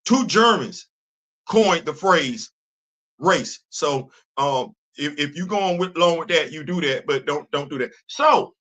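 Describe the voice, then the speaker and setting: A man's voice: on the high side, expressive, measured pace, pushed and bright. A middle-aged man from the Bronx, hosting a casual opinion monologue, emphatic and repetitive, using street slang. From Bronx, New York, USA. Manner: conversational, repeats and restarts, street slang, emphatic. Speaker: show host. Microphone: streaming setup.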